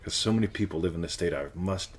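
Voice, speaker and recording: A man's voice: low-pitched, very fast, husky. A man hosting a live question-and-answer show, chatting playfully, laughing often and tagging his points with "right?". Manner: slips into silly character voices. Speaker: host of live Q&A. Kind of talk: casual coaching talk.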